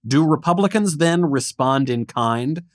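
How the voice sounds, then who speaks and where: A man co-hosting a podcast, putting questions to his guest and teasing with quick banter. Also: fairly high pitch, lively intonation, no room sound, clean studio sound. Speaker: podcast co-host. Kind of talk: casual chat, interviewing.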